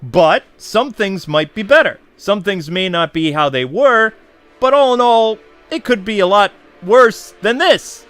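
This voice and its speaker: A blunt, world-weary man, put on by a male vlogger, coaxing someone toward a desperate gamble. The voice sits a little higher and sounds bright and forceful. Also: expressive, unhurried, soft background music. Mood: persuasive.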